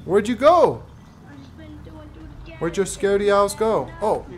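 A man's voice: high-pitched, big pitch swings, background noise, heavily acted. Tyrone, a man voicing a brash trash-talker. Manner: swaggering, taunting, quick to yell. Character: brash trash-talking male cartoon guy, hotheaded. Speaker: streamer. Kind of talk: voiced live gameplay stream.

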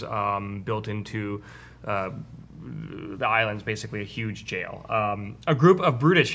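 A man's voice: on the low side, pushed and bright. A young man narrating as game master, loose and rambling with many fillers.

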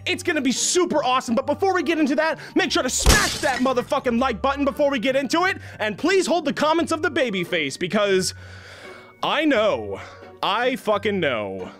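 A young man hosting a satirical gaming vlog, acting like an over-the-top hyped youtuber, then dropping into deadpan mumbles. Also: very high-pitched, fast talker, few pauses, faint music behind. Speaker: gaming video host.

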